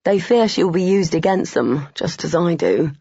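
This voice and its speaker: This is a narrator doing a laid-back Frenchman with a French accent, gallant and unhurried. The voice comes out husky and dry, with a dull, lo-fi quality. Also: mid-range voice, animated, darkish tone, no echo. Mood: easygoing. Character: easygoing Frenchman, a relaxed gallant.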